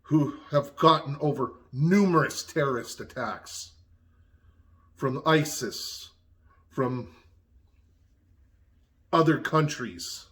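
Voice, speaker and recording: A man's voice: medium pitch, slow pace, pauses often, fairly bright tone. A man ranting angrily in a vlog recorded in his garage, swearing constantly and raising his voice in indignation. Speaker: vlogger. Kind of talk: angry personal rant. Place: home garage.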